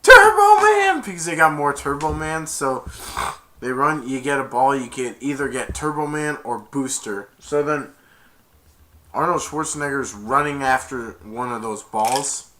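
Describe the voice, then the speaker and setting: A young man, an amateur reviewer, excitedly retells a movie scene by scene and acts out the characters' lines. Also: mid-range voice, measured pace, a little hiss or hum.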